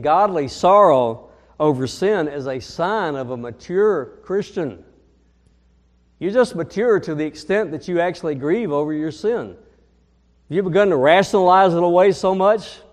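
A man preaching a sermon as pastor, earnest, leaning slowly on key phrases. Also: on the high side, a little mellow, big-room sound.

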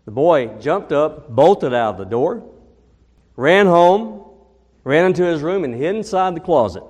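A man preaching a sermon, telling a story and reading scripture in a deliberate way, rising to booming emphasis at key points. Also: very animated, darkish tone. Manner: slow, deliberate, builds to booming emphasis in stories. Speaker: pastor. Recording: long reverb of a large hall.

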